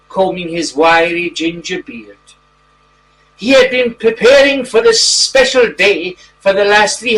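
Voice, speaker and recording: Male actor as a genteel gentleman reading a bedtime story, high-pitched, faint hiss behind him. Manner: gentle, drawn-out storyteller delivery. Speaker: storybook reader. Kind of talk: mock children's bedtime story narration. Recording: distant mic, faint background noise.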